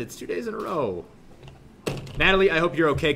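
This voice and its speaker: A young man teaching a math class, joking with students and suddenly yelling for effect, recorded in a classroom. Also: on the low side, fast talker. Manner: joking, animated, shouts suddenly. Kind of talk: classroom lesson.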